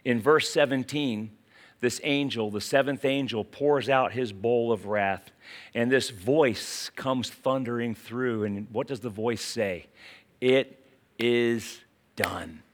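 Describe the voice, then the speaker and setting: A man with a West Virginia accent preaching a sermon, dropping to quiet asides and then rising to urgent, emphatic calls. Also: medium pitch, unhurried. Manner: dramatic swings from hushed asides to urgent exclamations. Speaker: pastor.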